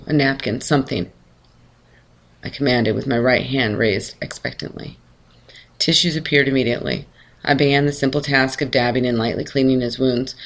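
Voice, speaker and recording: Man, story reader, calm measured delivery, gravelly fry, mid pitch. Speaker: narrator. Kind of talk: reading a short story aloud.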